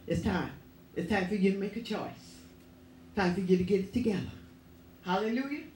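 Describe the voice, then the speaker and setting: A woman's voice: medium pitch, moderate pace, darkish tone, slight background noise. A woman preaching a sermon in church, with an emphatic, repetitive preaching cadence. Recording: echoey room, voice from far off.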